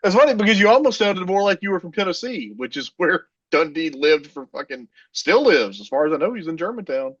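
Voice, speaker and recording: A man co-hosting a casual chat podcast, talking in a blunt, profane way with deadpan jokes. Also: high voice, brisk, hardly any pauses, no echo. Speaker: podcast co-host. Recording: dull lo-fi dry sound.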